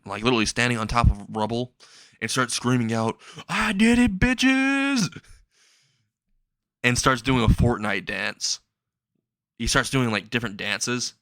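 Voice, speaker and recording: A man's voice: mid-range voice, creaky, bright, forceful tone, no echo. A man casually retelling a fan story, rambling and chuckling at his own jokes.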